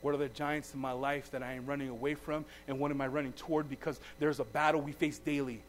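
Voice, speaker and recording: A man preaching a sermon, reading scripture with some stumbles and then asking his listeners direct questions, his voice swinging from loud to very quiet. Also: medium pitch, flat delivery, quick pace, slight background noise.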